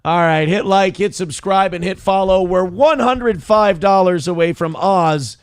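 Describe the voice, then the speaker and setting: A male morning-show host with a voice that sits a little high for a man, talking in loose, profane banter. He laughs easily and reads out chat messages as he goes. The sound is dry and close, with no room around it. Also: a little slow, smooth, dry recording.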